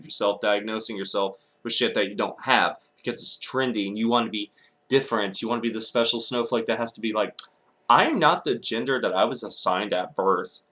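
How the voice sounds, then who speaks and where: Man ranting angrily, low voice. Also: pushed and bright. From Texas. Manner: angry, profane ranting with apologetic asides. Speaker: vlogger. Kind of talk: ranting commentary vlog.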